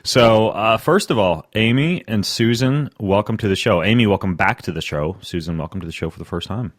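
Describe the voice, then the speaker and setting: A man's voice: lowish voice, fairly quick, no echo, studio quality. A man hosting a podcast, talking in a playful, conversational way as he introduces and questions his guests. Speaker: podcast host.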